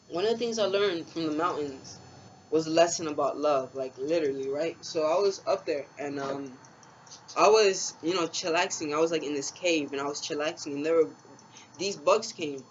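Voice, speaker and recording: A young man casually rambling through a spiritual story, in laid-back, slangy talk full of swearing and fillers. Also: a little high. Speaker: spiritual vlogger. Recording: dull lo-fi sound with faint background hiss.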